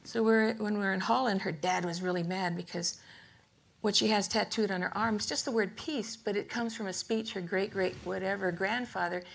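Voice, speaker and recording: An older woman giving a rambling, humorous artist lecture to a live museum audience, chatty and quick to laugh. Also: mid-range voice, vocal fry. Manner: chatty, laughs often, self-interrupting. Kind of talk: rambling humorous storytelling talk.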